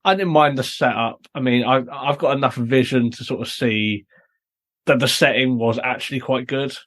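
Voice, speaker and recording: British male podcast host, middle pitch, explanatory and chatty. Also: normal speed, a bit bright. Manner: explanatory, recapping plot at length. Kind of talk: casual review chat.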